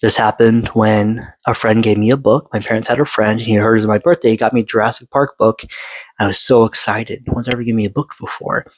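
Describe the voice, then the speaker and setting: A man in his forties speaks straight into a close mic, earnest and halting, stopping and restarting often. The sound is dry and close, with no room behind him. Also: on the low side, fairly even intonation, dry recording, poor audio. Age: 40s. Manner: halting, with many fillers and restarts. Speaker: vlogger sharing personal story. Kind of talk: earnest personal monologue.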